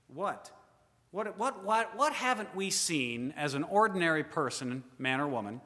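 A man preaching a sermon, asking the congregation rhetorical questions, rising to loud emphasis and then dropping to quiet asides. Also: a little high, animated, a little slow. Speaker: pastor. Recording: long hall reverb.

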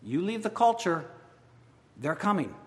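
In a large hall with long reverb, a pastor delivers a sermon, reading from scripture and pressing his points with sharp rhetorical questions. His voice sits high and is a little mellow, very animated yet unhurried.

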